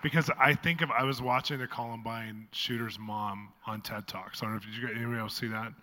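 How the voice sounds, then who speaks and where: A male host talks quickly and with enthusiasm. He chats with the guest and turns to the crowd. His voice sits at an ordinary pitch. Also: fairly even intonation, pushed and bright. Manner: enthusiastic, chatty. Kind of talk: hosting a live interview.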